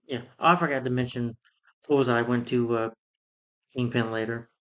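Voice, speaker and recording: A man's voice: mid-range voice, fairly even intonation, moderate pace, a bit bright. A man recapping a film plot in a casual, rambling way, with many fillers and restarts. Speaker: film reviewer. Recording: dull lo-fi sound.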